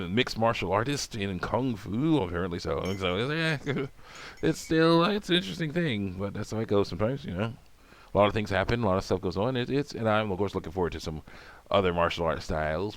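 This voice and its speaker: A man chatting casually as host of a game video, rambling with many fillers and chuckles. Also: deep voice. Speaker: let's play video host.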